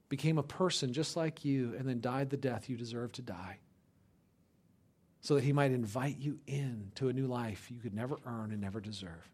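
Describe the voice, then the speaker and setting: A man preaching a sermon to his church, addressing the congregation directly as "you guys". He swings from loud, emphatic lines to hushed, almost whispered ones. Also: mid-range voice, moderate pace, breathy edge. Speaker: pastor.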